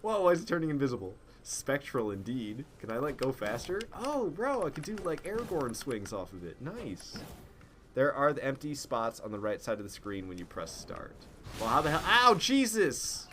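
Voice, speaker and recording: A man casually chatting through a game stream, excitable and prone to swearing, swinging from mumbles to loud outbursts, recorded in a room at home. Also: mid-range voice, moderate pace, slight background noise. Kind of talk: casual gameplay commentary.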